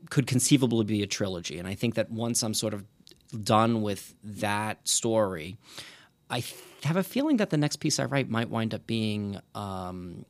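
A man talking as a podcast guest, thoughtful and rambling, with many restarts. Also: lowish voice. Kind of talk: casual interview conversation.

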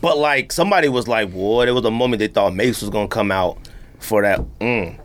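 A man's voice: fairly low pitch, a little fast. A man hosting a casual podcast chat, talking loosely and animatedly, repeating himself and acting out what others said. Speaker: podcast host.

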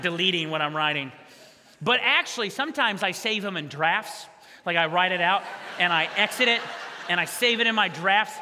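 A man preaching a sermon as pastor, conversational and energetic with quick asides to the congregation. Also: high voice, slight background noise. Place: church hall. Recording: long church hall reverb.

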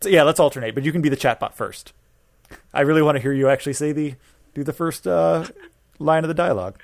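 A man's voice: fairly high pitch, quick pace, vocal fry, no room sound. Playful man co-hosting, dry sound. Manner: playful, jokey. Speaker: podcast co-host. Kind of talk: casual chat.

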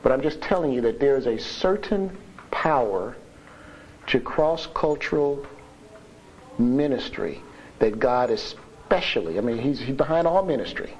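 A man giving a conversational sermon at a conference, earnest and emphatic, swinging between loud and soft. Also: medium pitch, animated, unhurried. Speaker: conference speaker on evangelism. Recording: dull lo-fi recording with faint hiss.

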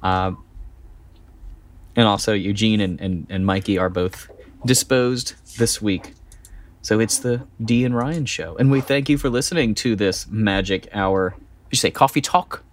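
This middle-aged podcast co-host keeps things chatty, rambling with restarts and laughing readily. His voice sits on the low side, with slight background noise behind it.

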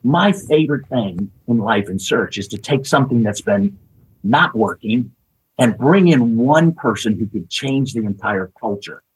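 Storytelling man with a very husky voice. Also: mid-range voice, a little slow, poor audio. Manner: lively anecdotes with acted quotes and laughter. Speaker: guest, executive search consultant. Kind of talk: storytelling in a podcast interview.

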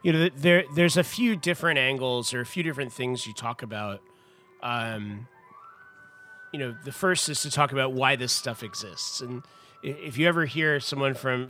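A man's voice: medium pitch, pushed and bright. Man, podcast guest, casual storytelling, rambling, restarts, faint background music. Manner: chatty, rambling with restarts and asides. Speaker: wine importer guest.

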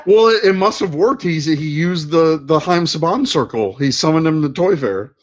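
A man's voice: on the high side, animated, normal speed. A man co-hosting a live podcast, laughing easily and trading short quips. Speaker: podcast co-host. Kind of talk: casual live podcast chat. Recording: lo-fi muffled audio.

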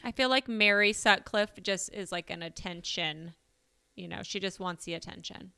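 A woman's voice: medium pitch, normal speed, gravelly, bright, forceful tone, clean tone, dry recording. A woman co-hosting a casual true-crime podcast, sarcastic and joking, often laughing. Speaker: podcast co-host.

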